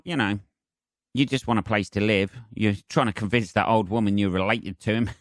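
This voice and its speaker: A man's voice: lowish voice, fairly bright tone, smooth, no echo, clean studio sound. A man hosting a solo podcast, rambling casually with swearing and self-mocking asides. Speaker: podcast host.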